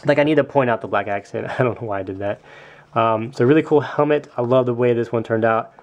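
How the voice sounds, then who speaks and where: A man's voice: medium pitch, fast, darkish tone. A young man walking through his custom toy figure in a casual show-and-tell vlog, chatty, with many ums and small self-corrections.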